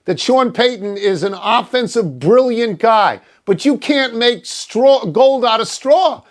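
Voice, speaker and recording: A man's voice: very high voice, lively intonation, takes it slowly. An older man co-hosting a sports talk show, arguing his points bluntly and emphatically, with a self-mocking streak. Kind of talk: sports debate.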